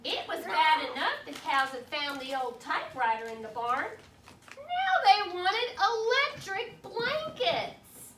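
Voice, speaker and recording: A woman teacher reading a picture book aloud to her class, patiently pausing to ask questions and explain words in simple terms. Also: sits high, big pitch swings, a bit bright, a little hiss or hum. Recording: echoey classroom from far off.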